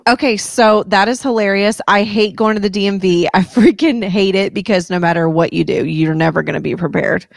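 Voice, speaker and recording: A woman, a mom co-hosting a podcast, in casual chat with quick interjections and reactions. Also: mid-range voice, gravelly, no echo, studio quality.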